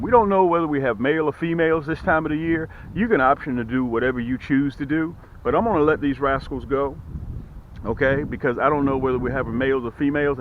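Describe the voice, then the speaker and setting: A man fishing outdoors and talking casually to his viewers, excitable and folksy as he pitches his lures. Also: narrow, tinny audio, a little hiss or hum. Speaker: fishing vlogger and lure seller. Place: outdoors on a boat.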